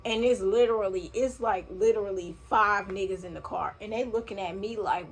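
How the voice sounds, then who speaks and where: A young woman telling a personal story in a casual storytime vlog, animated and slangy, swearing freely, recorded at home on a phone or camera mic. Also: medium pitch, fairly quick, few pauses. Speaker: vlogger. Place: home room, vacuum running nearby.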